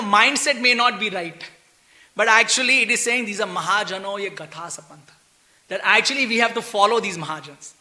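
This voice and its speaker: A man's voice: high voice, bright, forceful tone. A man giving a scripture class in a temple, chatty and full of "you know" and "right?", acting out the characters of a story. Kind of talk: sermon with storytelling. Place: temple hall.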